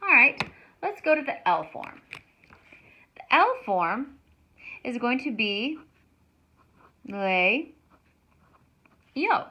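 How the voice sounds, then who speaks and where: A woman teaching a Spanish grammar lesson, explaining slowly and stretching words out to show how they sound. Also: high-pitched, sing-song, dull audio.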